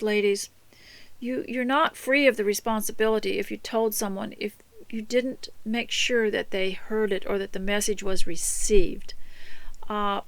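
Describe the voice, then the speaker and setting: A woman's voice: medium pitch, dry recording, low-quality recording. A woman hosting a homemaking radio show, giving earnest, instructive advice in a casual talk to her listeners.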